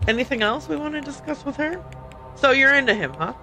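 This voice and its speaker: A woman's voice: high-pitched, animated, fairly quick, bright, forceful tone, soft background music. A woman streaming a mystery game, chatting casually, laughing often and reacting aloud as she reads on-screen text. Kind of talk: casual let's-play commentary.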